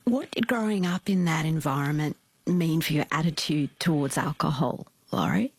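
Woman, interviewer, husky, fairly low, short questions. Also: normal speed. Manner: brief, prompting questions.

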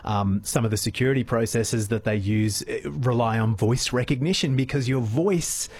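A man, a speech pathologist guest on a radio show, explaining in a measured, patient way. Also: mid-range voice, a little mellow, slightly rough. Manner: measured, explanatory, some fillers.

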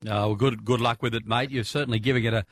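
A man with an Australian accent hosting a casual radio interview, chatty and quick to laugh. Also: mid-range voice, fairly even intonation. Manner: chatty, laughs easily, lots of fillers. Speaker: radio host.

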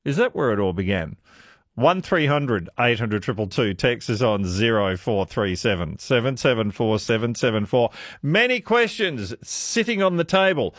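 A man hosts talkback radio, musing aloud with strings of questions. His voice rides up and down with lively pitch. It sits close and dry on the studio mic. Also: no room sound. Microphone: studio microphone.

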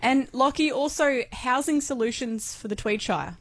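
A woman's voice: sits high, moderate pace, no room sound. Brief: woman, morning radio host, chatty, close studio mic, dry sound. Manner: chatty, teasing, asks listeners to call in. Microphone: studio microphone.

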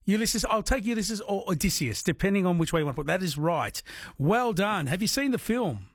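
A man hosting a late-night radio quiz, chatty and quick to laugh with callers. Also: high voice, animated, husky, no echo, clean studio sound. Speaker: radio host.

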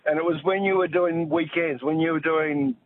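A man with a fairly high voice calls in over a tinny, phone-like line with a faint rumble behind him. He chats easily, reminiscing. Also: fairly even intonation, moderate pace. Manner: chatty, reminiscing. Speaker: caller. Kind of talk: phone-in call to radio.

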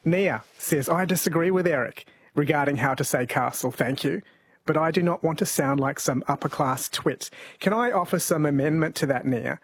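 A man's voice: fairly high pitch, moderate pace, husky. A man hosting a radio talk show, chatting and reading out listener texts. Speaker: radio host. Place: radio studio.

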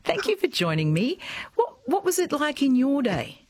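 A woman hosting a radio talk show, brisk and friendly as she steers the conversation. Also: sits high, very animated, a little mellow, a little hiss or hum. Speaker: radio host.

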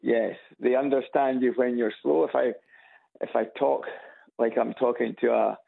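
A man from Edinburgh with a Scottish accent, calling in to a radio show and chatting in a halting way with many restarts. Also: medium pitch, fairly even intonation, vocal fry, husky. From Scotland. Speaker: radio caller. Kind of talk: phone-in chat. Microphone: phone on loudspeaker. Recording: tinny phone line on radio.

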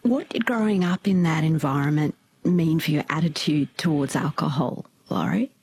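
This interviewer keeps the questions short and prompting. The voice has a slightly husky grain and sits at a middle pitch. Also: moderate pace, darkish tone.

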